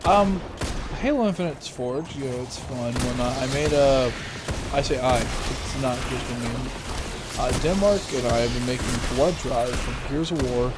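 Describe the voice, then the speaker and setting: Excitable rambling young man, noisy audio. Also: medium pitch, unhurried. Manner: rambling, excitable, many fillers. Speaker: talk show host. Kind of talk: casual solo gaming chat. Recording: noisy home recording.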